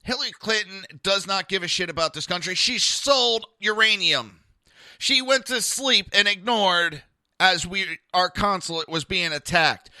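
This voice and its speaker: A man hosting a talk podcast, his voice sharp and tense, fairly high for a man. He rants bluntly and sarcastically, swearing freely and talking to his listeners. The sound is dry and close. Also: no echo. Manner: blunt, profane and sarcastic ranting; talks to listeners in a live chat. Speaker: podcast host. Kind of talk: live political commentary podcast.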